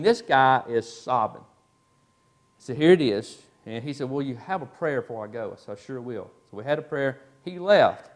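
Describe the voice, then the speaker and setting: A man teaching a church Bible class, telling stories in a folksy way with many fillers. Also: mid-range voice. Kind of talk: storytelling in a class.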